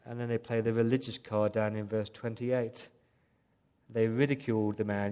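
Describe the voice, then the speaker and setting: A man's voice: fairly low pitch, level tone, normal speed, warm tone, clean tone. A man preaching a sermon to his church, earnestly putting rhetorical questions to the congregation. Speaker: pastor. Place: church service.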